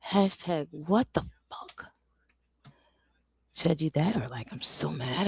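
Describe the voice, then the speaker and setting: A woman's voice: deep voice, animated, measured pace, vocal fry, darkish tone, husky, no echo. A woman hosting a casual livestream, frustrated and swearing, often dropping into whispers, talking into a desk microphone at home. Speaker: livestream host.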